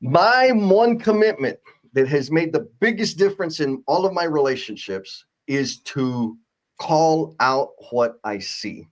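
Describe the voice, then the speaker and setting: Animated male co-host, lively pitch. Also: unhurried. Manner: animated, playful, self-mocking. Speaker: co-host of a live show. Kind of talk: casual live-stream chat, reading comments.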